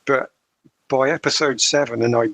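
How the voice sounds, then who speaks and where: A husky man with a gravelly edge, co-hosting a podcast. He speaks in a measured, dry way, and the sound is close and dead, with no room echo. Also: mid-range voice, fairly even intonation, fairly bright tone. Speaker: podcast co-host. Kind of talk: casual podcast discussion.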